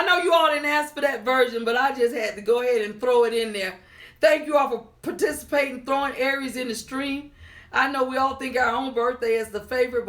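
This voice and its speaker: A woman with a high, slightly bright voice hosts a casual livestream, chatting and greeting viewers by name as she reads their comments aloud.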